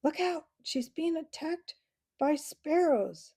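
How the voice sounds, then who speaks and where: A woman voicing a proud father squirrel who speaks in excited exclamations in a storybook reading. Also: sits high, slow pace, voice pushed up, heavily acted.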